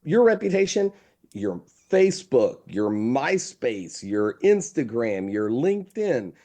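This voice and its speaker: A man talking as a marketing guest in a relaxed interview, telling stories with emphasis. His pitch swings widely and keeps his delivery animated, and his voice sounds warm and mellow. He leans on his key phrases and repeats them. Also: takes it slowly. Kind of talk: conversational interview storytelling.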